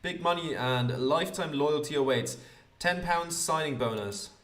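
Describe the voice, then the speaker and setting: A man's voice: fairly high pitch, normal speed, fairly bright tone. Man reading game text aloud. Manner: hesitant, frequent uh fillers while reading. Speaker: let's play host. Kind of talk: casual let's play commentary, reading game text aloud. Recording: roomy echo.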